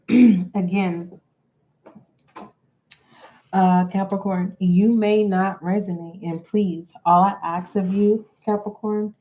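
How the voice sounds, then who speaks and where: A woman giving a tarot reading to her viewers in a deliberate way, often repeating herself and clearing her throat. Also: medium pitch, fairly even intonation, highs cut off, a little hiss or hum. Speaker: tarot reader. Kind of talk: slow spoken tarot reading.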